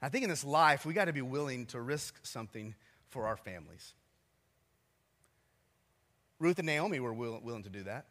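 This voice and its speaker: A man's voice: mid-range voice, lively intonation, moderate pace, long pauses, a bit bright. A man in his forties, a pastor preaching a sermon in a chatty, self-deprecating storytelling manner with asides to the congregation. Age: 40s.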